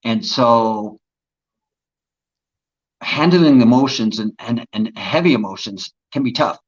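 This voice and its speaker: A man's voice: medium pitch, slow pace, slightly rough, lo-fi sound. A man, an actor as an interview guest, telling earnest, reflective stories about his craft. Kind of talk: casual interview chat.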